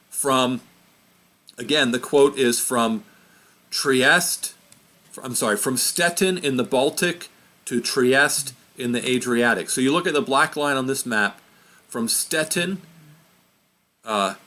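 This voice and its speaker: A man's voice: medium pitch, a little slow, long pauses, pushed and bright. A man giving an informal history lesson, chatty and self-correcting as he points at a map. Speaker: history teacher.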